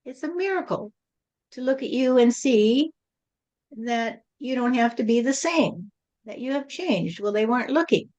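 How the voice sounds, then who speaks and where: A woman's voice: a little high, lively intonation, a little slow, a little mellow, highs cut off. A woman channeling a spirit who gives a preachy spiritual lesson to a group and often repeats "you see".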